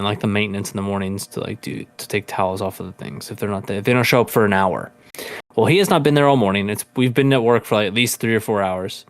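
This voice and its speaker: A man's voice: mid-range voice, fairly bright tone, no echo. A young man casually telling a long story among friends, rambling with fillers and restarts. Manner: rambling, laid-back, many fillers and restarts. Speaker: podcast co-host.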